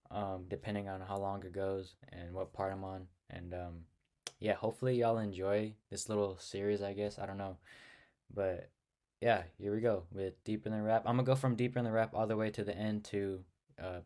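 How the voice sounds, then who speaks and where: A man's voice: on the low side, darkish tone. A young man casually talking to camera about his own rap lyrics, hesitant and rambling with many fillers and restarts, a bit awkward. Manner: self-conscious and awkward on camera. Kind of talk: casual self-recorded talk to camera.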